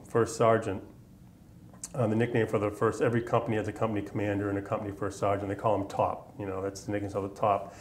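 A man's voice: fairly low pitch, a little mellow, slight background noise. A man in his fifties from Massachusetts, telling his army memories in an oral history interview, rambling along with many fillers. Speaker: veteran interviewee.

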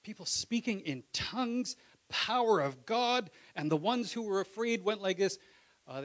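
A male pastor delivers a sermon in a relaxed, conversational style, acting out voices from the Bible and shifting between quiet asides and loud calls. His voice sits high and is animated, moving at a normal speed.

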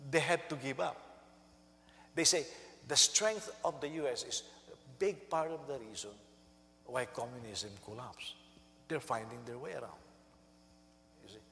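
Animated male pastor in echoey hall. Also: a little slow, creaky, long pauses, slight background noise. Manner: animated storytelling, acts out quotes in high voices, laughs at own jokes. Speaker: senior pastor. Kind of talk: sermon.

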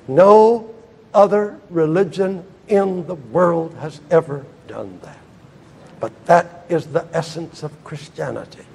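Husky older American preacher, fiery and emphatic. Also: male voice, high-pitched. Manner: emphatic, swings from shouting to hushed. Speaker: evangelist preacher. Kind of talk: sermon. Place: church hall.

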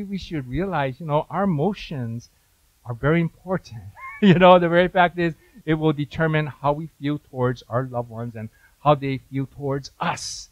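A man's voice: a little high, dry recording, lo-fi sound. A male pastor preaching a sermon in a conversational way, with frequent asides to the congregation.

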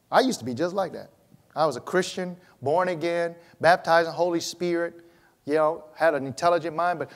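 A pastor preaching a sermon in church, animated, swinging between loud emphatic lines and low quiet ones. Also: male voice, brisk.

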